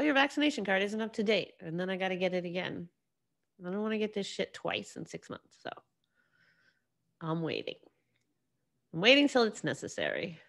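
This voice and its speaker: एक युवा महिला होस्ट, जो अकेले बैठकर अपने पॉडकास्ट पर बिखरी-बिखरी बातें करती है, बार-बार वाक्य अधूरे छोड़कर फिर से शुरू करती है और खुद पर ही हँसती है।. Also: female voice, lowish voice, creaky. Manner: rambling, self-deprecating, many restarts. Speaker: podcast host. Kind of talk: casual solo monologue.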